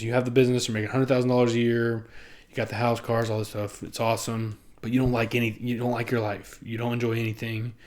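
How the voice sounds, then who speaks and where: A young man talks to camera in a loose, rambling vlog. His pitch sits at an ordinary middle level for a man. He swears freely, mocks himself and laughs often as he goes. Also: a little mellow. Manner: rambling, profane and self-mocking, often laughing; acts out other people in quick put-on voices. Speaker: vlogger. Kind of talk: casual monologue to camera.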